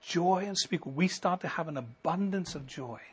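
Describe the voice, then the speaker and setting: A middle-aged male pastor preaching a sermon, building to emphatic lines and then dropping to a quiet, intimate tone. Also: fairly high pitch, lively intonation, moderate pace, husky. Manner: preaching with rising emphasis and sudden soft drops.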